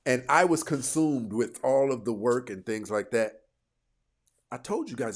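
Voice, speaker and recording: A man's voice: mid-range voice, animated, moderate pace. A man hosting a livestream, casually commenting and reacting to viewers' comments, talking back to the chat with bursts of laughter. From United States.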